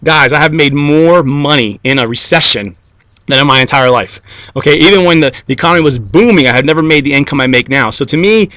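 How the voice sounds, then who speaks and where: A man's voice: a little high, animated, a little fast, pushed and bright, no echo. A man giving a motivational talk to an audience, preachy and repetitive, forever checking in with "okay?" and "guys" as he stacks up parallel phrases. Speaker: motivational speaker.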